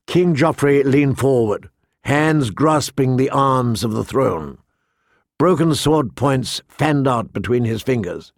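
Slow, measured male audiobook narrator. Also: mid-range voice, gravelly, dry recording, studio quality. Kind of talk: scripted narration.

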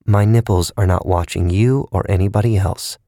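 A man narrating a story, voicing a cool woman who speaks low and without humor. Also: fairly even intonation, moderate pace, warm tone, no echo, studio quality. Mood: cold.

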